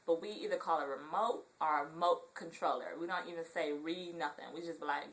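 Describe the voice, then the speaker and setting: A woman's voice: low-pitched, brisk, hardly any pauses, slight background noise, low-quality recording. A young woman from Southern California with a Southern Californian accent and a congested, nasal voice, chatting casually in a rambling vlog full of ums. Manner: relaxed, rambling, many ums. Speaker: vlogger.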